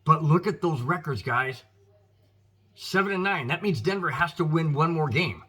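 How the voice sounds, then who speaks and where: An American man rants about his football team to his viewers, emphatic and exasperated. His voice is bright and forceful with a husky edge. It sits a little high for a man. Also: animated, moderate pace. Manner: emphatic, frustrated, addresses viewers as guys. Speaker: sports podcast host. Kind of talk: opinionated football commentary.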